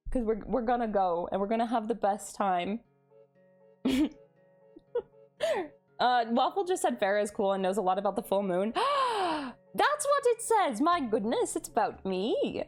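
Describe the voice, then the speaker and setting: A young woman streaming live, chatting casually, giggling and greeting her viewers as she reads chat. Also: high voice.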